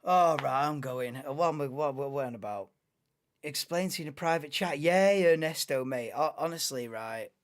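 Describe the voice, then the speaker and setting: A young woman hosting a live watchalong stream, chatting in a rambling, excitable way and laughing often. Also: deep voice, moderate pace. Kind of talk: casual live watchalong chat.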